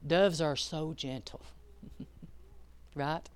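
A woman preaching a sermon, rising to loud emphatic peaks and dropping to hushed asides. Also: mid-range voice, lively intonation, moderate pace, clean tone.

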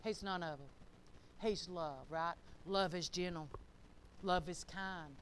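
A woman's voice: on the low side, slow pace, slight background noise. A woman preaching an informal sermon to her congregation, folksy and asking the listeners questions. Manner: folksy, talks straight to the listeners, asks them questions. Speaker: church speaker.

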